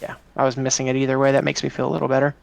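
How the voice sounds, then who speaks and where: Gravelly guy at a tabletop game, thinks out loud, sighs a lot. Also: medium pitch, completely flat delivery, rapid-fire. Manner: gravelly, thinks aloud, sighs and groans at bad luck. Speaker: player. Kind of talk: casual tabletop game chat.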